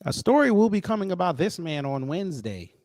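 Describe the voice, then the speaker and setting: A man's voice: high-pitched, big pitch swings, fairly quick, a little mellow, no room sound, clean studio sound. A man hosting a casual reaction commentary, teasing and playful in his banter. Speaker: host.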